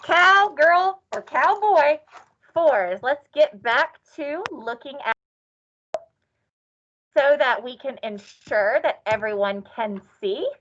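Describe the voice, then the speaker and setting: A woman's voice: high voice, expressive, takes it slowly, fairly bright tone. A woman teaching an online class in a playful, sing-song way with cowgirl cheers. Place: classroom or office. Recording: dull lo-fi sound.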